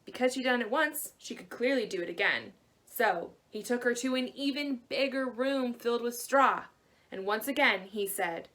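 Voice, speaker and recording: Expressive woman librarian telling a fairy tale. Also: mid-range voice, normal speed. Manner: gentle, expressive storytelling. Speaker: librarian storyteller. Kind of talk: storytelling to children.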